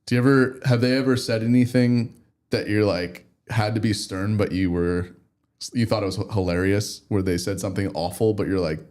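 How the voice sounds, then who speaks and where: A man co-hosting a podcast, chatting casually and jumping in with quick questions. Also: fairly low pitch, fairly even intonation, darkish tone. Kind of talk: casual chat.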